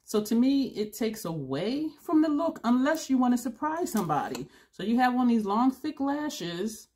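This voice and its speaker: A woman's voice: fairly high pitch, very animated, normal speed, warm tone. A woman in her fifties chatting casually to camera as a beauty vlogger, blunt and rambling, laughing now and then, a little tired. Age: 50s.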